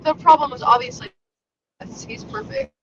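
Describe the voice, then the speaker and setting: A woman co-hosting by phone while she drives, loud and gushing, swearing and laughing as she chats. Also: high-pitched, sing-song, normal speed, lo-fi sound. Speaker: podcast co-host calling in. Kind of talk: casual chat while driving. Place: in a car. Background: road noise.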